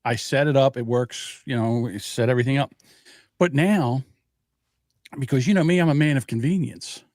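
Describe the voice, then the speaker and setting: A man's voice: mid-range voice, normal speed, a little mellow, no room sound. A middle-aged man hosting a podcast from his home studio, telling rambling stories and acting out other people's voices. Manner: rambling storyteller who acts out other voices. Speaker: podcast host. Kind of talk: casual chat.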